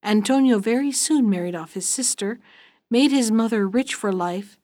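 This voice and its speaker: A woman hosting a storytelling show, reading a fairy tale aloud in a gentle, even way and closing with listener notes. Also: fairly high pitch, moderate pace, no echo. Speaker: storyteller and podcast host.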